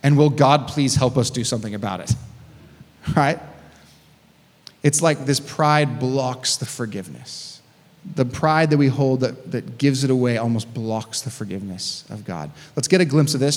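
A man's voice: mid-range voice, moderate pace. A man preaching a sermon as a pastor, reading scripture and breaking in with casual, conversational asides. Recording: long hall reverb.

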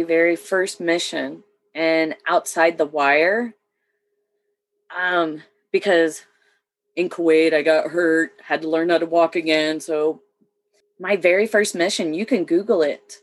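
Woman veteran, low voice, matter-of-fact storytelling, casual chat. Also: steady tone, a little slow. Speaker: military veteran. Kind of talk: casual conversation.

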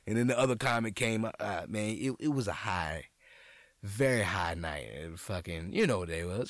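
A man's voice: fairly low pitch, expressive, moderate pace, no echo. Profane New Orleans man rambling on a podcast. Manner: rambling, profane, stop-start with many restarts. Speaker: comedian and podcast host. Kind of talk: casual solo podcast talk.

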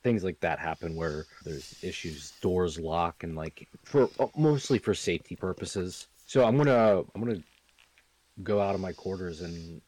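A man playing a tabletop game, speaking in a hesitant, halting way with many fillers. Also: sits low, expressive, darkish tone, dry recording. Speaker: player. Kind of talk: casual tabletop game play.

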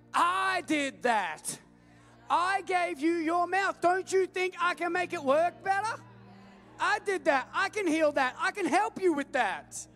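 God, a commanding male deity, booms out slow, emphatic lines in a strained high register, as a preacher puts him on. Faint music plays behind. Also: a bit bright, exaggerated voice. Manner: emphatic, drawn-out declarations.

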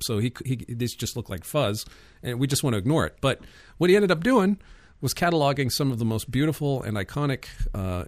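A talk host with a somewhat low voice, recorded close with no room sound. He talks in a relaxed, chatty way, laughs often and pads his sentences with fillers. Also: no room sound. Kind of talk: casual chat about astronomy.

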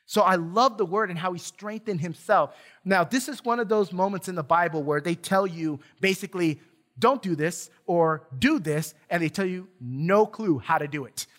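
Pastor guy preaching, kinda high voice, loose and jokey, keeps restarting his sentences. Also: moderate pace, a bit bright. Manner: conversational preaching with humor, stammered restarts. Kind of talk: sermon. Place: church.

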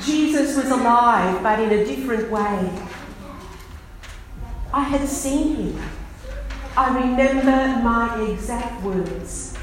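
A woman preacher speaking as a grieving, then joyful woman disciple at the empty tomb, telling it slowly and earnestly in the first person. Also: a little high, slight background noise. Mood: resolute. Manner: slow, earnest storytelling. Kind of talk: first-person dramatic sermon monologue. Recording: echoey hall from far off.

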